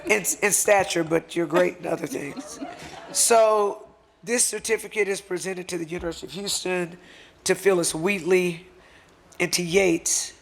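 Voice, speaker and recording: A man's voice: high-pitched, fairly even intonation, normal speed, creaky, a little hiss or hum. A man giving an impassioned, emotional speech at a luncheon, speaking in a fervent, conversational way as he presents a certificate.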